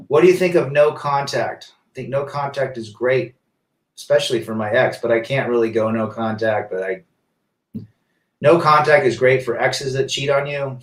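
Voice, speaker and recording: A livestream host with a mid-range voice works through viewers' comments, reading each aloud and replying with emphasis and plenty of rhetorical questions. The mic is distant, leaving a roomy echo.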